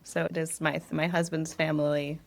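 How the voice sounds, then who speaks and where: A woman in her thirties from New England talks as a guest in a casual interview. She is chatty and tells stories at length. Her voice sits slightly low and she laughs easily. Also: flat delivery, normal speed, creaky. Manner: chatty, laughs often, rambling storyteller. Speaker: real estate agent, guest.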